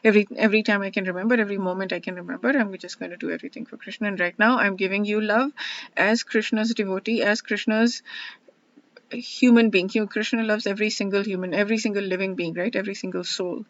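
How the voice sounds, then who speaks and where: A woman hosting her own verse-by-verse study, talking earnestly and haltingly with many restarts as she reflects and explains. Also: medium pitch, steady tone. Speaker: host studying scripture one verse a day. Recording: dull lo-fi sound.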